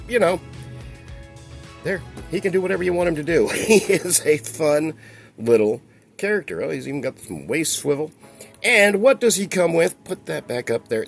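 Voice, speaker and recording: Lively folksy man reviewing a toy. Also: medium pitch. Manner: folksy and enthusiastic, talks to viewers as he handles the toy. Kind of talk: casual toy review and unboxing.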